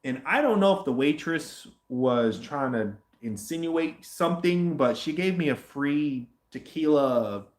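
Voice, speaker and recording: A man chatting casually as the host of a livestream question session, rambling, animated and swearing often. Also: a little high, unhurried, few pauses, echoey room. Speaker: host answering viewer questions.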